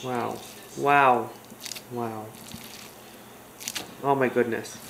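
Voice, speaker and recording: A vlogger chatting casually while cooking at home, playful and talkative, even talking to the food. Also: medium pitch, extremely slow, gravelly, a little hiss or hum. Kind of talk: casual cooking vlog chat.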